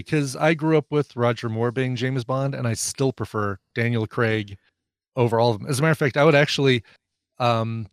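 A man's voice: medium pitch, normal speed, no room sound, studio quality. A man co-hosting a podcast, chatty and opinionated in casual talk. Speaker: podcast co-host. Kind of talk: casual chat.

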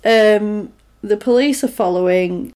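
A woman's voice: mid-range voice, takes it slowly, a little mellow, smooth. A woman chatting casually, retelling a film scene by scene and acting out the characters' lines. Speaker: podcast co-host recapping a film. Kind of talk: casual chat.

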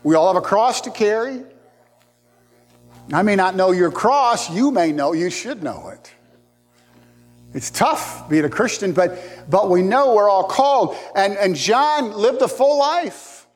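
Male pastor, sermon, somewhat high voice, animated delivery, loud and soft by turns, big echoing hall. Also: unhurried. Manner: animated preaching, shifting between loud emphasis and quiet asides.

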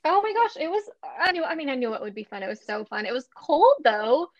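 This podcast co-host, a Western Nebraska woman in her thirties, speaks fairly quickly in a high-pitched voice, giggling a lot as she animatedly tells stories in relaxed conversation. The audio has no echo but sounds dull.

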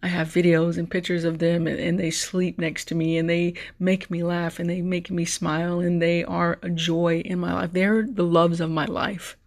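Gravelly-voiced heartfelt podcast host. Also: mid-range voice, flat delivery, moderate pace, few pauses. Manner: heartfelt, repeats and restarts words. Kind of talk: emotional personal monologue. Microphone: podcast mic.

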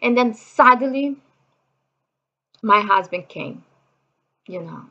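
A woman's voice: a little high, lively intonation, slow pace, pushed and bright, lo-fi sound. Chatty Brazilian woman telling her story. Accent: Brazilian Portuguese. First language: Portuguese. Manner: chatty, many "you know" fillers, acts out voices in quotes. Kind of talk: personal storytelling.

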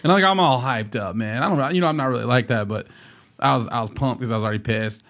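A man's voice: medium pitch, fast talker, fairly bright tone. Profane man telling a story. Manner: profane, storytelling with put-on quotes. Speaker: podcast co-host. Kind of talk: casual chat.

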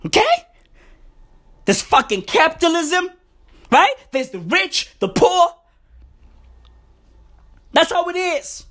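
A woman's voice: extremely high pitch, big pitch swings, takes it slowly, pauses often, a bit bright, pitched above the performer's own voice, heavily acted. A woman putting on a bossy, prim woman lecturing a wild man, swearing as she scolds. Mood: scolding.

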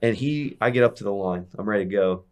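A man's voice: fairly low pitch, quick pace. A young man telling stories in a casual chat, rambling and laid-back with lots of fillers.

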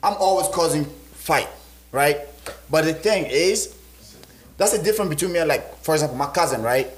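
Young dude hyped up telling stories, high voice, echoey room. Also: male voice, normal speed. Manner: excitable, profane slang, acts out quotes. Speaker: podcast co-host. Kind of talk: casual storytelling chat.

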